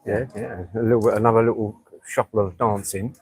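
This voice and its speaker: A man's voice: fairly low pitch, steady tone, fairly quick, darkish tone, husky, no room sound. A man at an outdoor rooftop bar, giving brief replies and asking questions in casual chat with a friend. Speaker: friend of the host.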